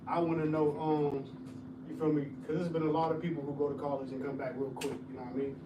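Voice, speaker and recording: A young man hosts a podcast, rattling off questions quickly in loose slang. His voice sits a bit high. He sounds distant in an echoey room with steady noise behind him. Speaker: podcast host. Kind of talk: casual podcast interview.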